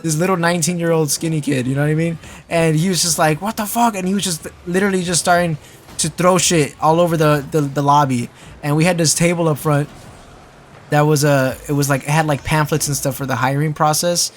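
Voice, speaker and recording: Young man, casual storytime, slightly high voice, rambling, swears, faint background noise. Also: level tone, fairly quick. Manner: rambling, full of fillers and restarts, swears freely. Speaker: storytelling vlogger.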